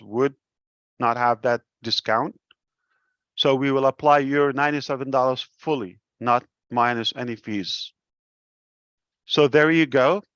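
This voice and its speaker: A man with a delivery speaks slowly and earnestly on a live stream. His words come measured and deliberate, like a founder addressing his members. The audio is dry and dull, as from a close but muffled mic. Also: mid-range voice, a bit bright, no echo. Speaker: company founder presenting to members.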